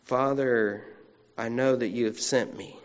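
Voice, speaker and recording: A man voicing an exasperated adult male prophet who talks quickly and with irritation, then turns quiet and prayerful. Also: medium pitch, fairly even intonation, close to an everyday voice. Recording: long reverb of a large hall.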